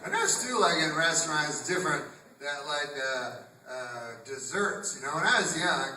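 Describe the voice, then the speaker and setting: A man's voice: fairly high pitch, normal speed, slight background noise. Rambling stand-up man, echoey theatre. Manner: rambling deadpan delivery with sudden loud outbursts in acted quotes. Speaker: stand-up comedian. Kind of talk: stand-up comedy set. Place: theatre stage. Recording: echoey live theatre recording from far off. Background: audience laughter.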